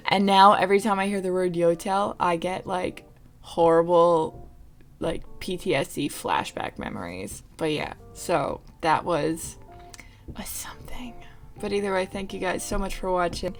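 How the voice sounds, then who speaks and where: A young adult woman vlogger telling a casual story in an animated way, with frequent swearing. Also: medium pitch, gravelly. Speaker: vlogger and streamer.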